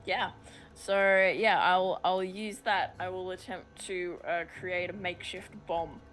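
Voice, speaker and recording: A woman's voice: fairly low pitch, flat delivery, takes it slowly, fairly bright tone, soft background music. A woman playing a tabletop game, talking casually and hesitantly with fillers. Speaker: player.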